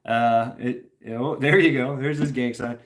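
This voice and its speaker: A man's voice: medium pitch, fairly even intonation, moderate pace. A middle-aged man from Tennessee, telling a rambling story to his stream chat, laughing often, swearing freely and restarting his sentences.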